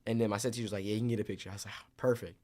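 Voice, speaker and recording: A young man, an actor, telling stories in a casual interview, animated and acting out what others said. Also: lowish voice, very fast. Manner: animated storyteller, acts out quotes.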